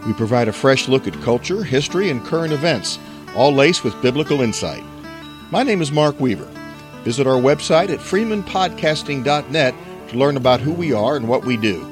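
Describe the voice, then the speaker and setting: A man's voice: medium pitch, lively intonation, moderate pace. A man reading a scripted podcast network introduction in an upbeat way. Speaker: network announcer. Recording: guitar music behind.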